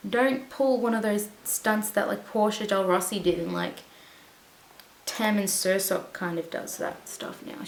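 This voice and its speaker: A woman's voice: mid-range voice, gravelly. A woman vlogger chatting casually about a TV show, rambling with lots of fillers and restarts. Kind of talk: casual chat. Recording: echoey room with faint hiss.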